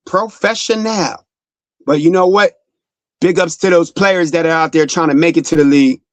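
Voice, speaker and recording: A man's voice: on the high side, normal speed, no room sound. A young man hosting a sports talk show, delivering a fired-up, profane monologue that speaks straight to the player.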